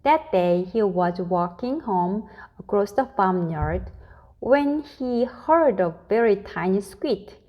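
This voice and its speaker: A woman reading a children's picture book aloud in a deliberate, expressive way. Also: medium pitch, highs cut off. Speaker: storyteller. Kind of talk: children's story read-aloud.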